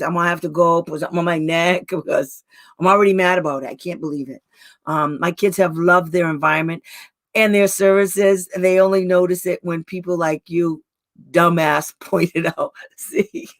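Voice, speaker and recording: A woman special education advocate talking to parents in a blunt, angry rant, raising her voice at times and laughing between outbursts. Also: on the low side. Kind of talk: heated live talk to parents.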